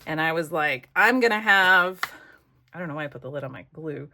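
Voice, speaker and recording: Chatty middle-aged American woman crafting vlogger, lowish voice, rambling casual storytelling. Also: animated, a little fast, pushed and bright, a little hiss or hum. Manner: chatty, rambling, muttering asides to herself.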